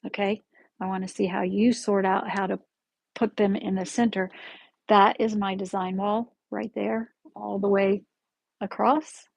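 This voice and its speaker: A woman hosting a casual live-stream quilting lesson from her sewing room, chatty and friendly, often pausing to correct herself. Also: medium pitch, little pitch movement, creaky, a little mellow, no room sound, poor audio. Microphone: camera in the room, with her stepping back from it.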